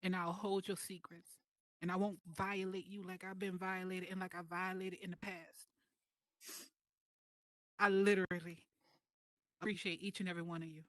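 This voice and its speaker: Heartfelt woman with a slightly low voice. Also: level tone, a bit bright, dry recording. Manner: heartfelt, slow and emphatic, pausing between phrases. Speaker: guest speaker. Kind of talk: emotional personal testimony in group voice chat. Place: online voice chat server.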